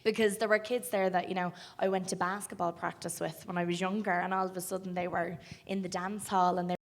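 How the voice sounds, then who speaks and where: A young Irish woman with a generic Dublin accent talks casually on a festival panel about her acting work. Her voice sits a little low for a woman, and her chatty answers are loose, broken by ums and laughter. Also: flat delivery, fairly quick. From Ireland. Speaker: film actor guest. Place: festival cafe stage.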